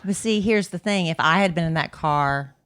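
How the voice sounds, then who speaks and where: A woman's voice: lowish voice, normal speed, a bit bright, smooth. A woman co-hosting a podcast in casual chat, making dry, teasing asides. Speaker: podcast co-host.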